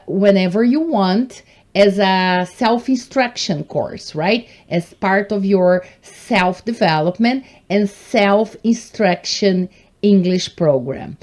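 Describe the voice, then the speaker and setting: Woman, English teacher, slow, lively pitch, encouraging. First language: Portuguese. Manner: encouraging, addresses viewers as guys. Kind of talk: online English lesson.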